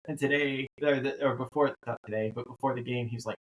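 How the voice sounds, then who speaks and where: A man in his thirties talks college football in a loose, rambling way. His pitch sits in the middle of a man's range. He restarts his sentences often and picks up energy as he goes. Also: quick pace, low-quality recording. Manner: rambling, animated, frequent restarts. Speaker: co-host. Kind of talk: casual sports chat.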